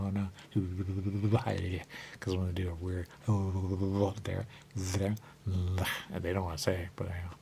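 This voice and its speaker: A man hosting a radio show, talking in a rambling monologue that keeps repeating the same catchphrases and jumps suddenly up in pitch. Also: vocal fry, warm tone, a little hiss or hum.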